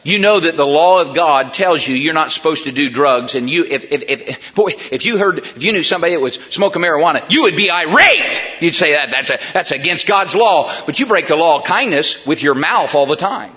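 A middle-aged male pastor preaches with a high, bright, ringing voice. He swings from hushed passages to loud, emphatic stretches and stacks up repeated rhetorical questions. The recording sounds dull and lo-fi. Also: lively intonation, a little fast, few pauses. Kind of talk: sermon.

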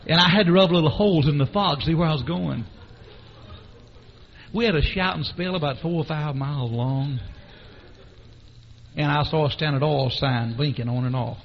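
A man who is a Baptist preacher, telling a folksy, animated story in a sermon and acting out the shouting and laughter. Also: fairly high pitch, normal speed, pauses often, a little hiss or hum. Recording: dull lo-fi recording.

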